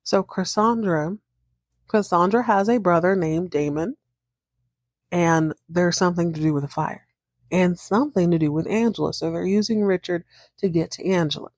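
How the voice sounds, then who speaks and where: A woman's voice: on the low side, moderate pace, darkish tone, dry recording, clean studio sound. A woman hosting a podcast, casually recapping a TV episode and playfully acting out the characters' lines. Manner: chatty, acts out characters' lines with playful voices.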